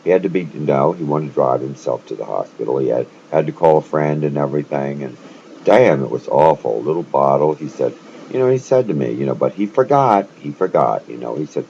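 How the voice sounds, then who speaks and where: Very deep gravelly man rambling. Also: expressive, fairly quick, warm tone. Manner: rambling, repeats and stammers. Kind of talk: rambling monologue. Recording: muffled lo-fi with faint room noise.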